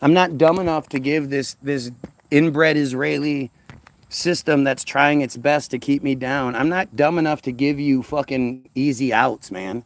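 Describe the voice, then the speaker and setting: A man's voice: mid-range voice, fairly even intonation, measured pace. A man ranting into the camera in a heated, profane monologue, stammering and repeating words. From United States. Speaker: vlogger.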